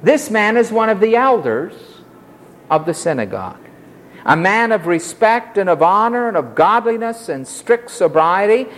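A man's voice: high-pitched, sing-song, normal speed, a bit bright. A man preaching an expository sermon, telling the story expressively and acting out the quotes.

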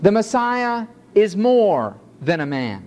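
A male preacher delivering an emphatic sermon in a measured cadence, stretching his phrases out. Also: high voice, sing-song, darkish tone, muffled recording.

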